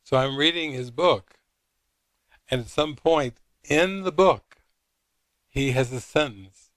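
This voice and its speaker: A man's voice: medium pitch, slow pace, fairly bright tone, no echo. A man who is a spiritual teacher, telling a story at a retreat in a rambling, anecdotal way full of fillers. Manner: anecdotal, retells dialogue with many fillers.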